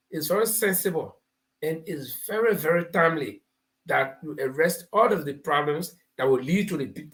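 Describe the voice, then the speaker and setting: With a fairly high pitch and a fairly bright tone, a man with a Liberian English accent hosts a live talk show of political commentary. He makes his points through homespun parables and stories, laughing while he tells them.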